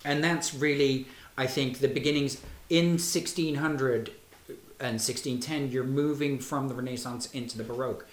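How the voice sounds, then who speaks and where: A man hosting a scholarly discussion, talking in a wry, lively way with frequent restarts. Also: medium pitch, normal speed. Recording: roomy echo.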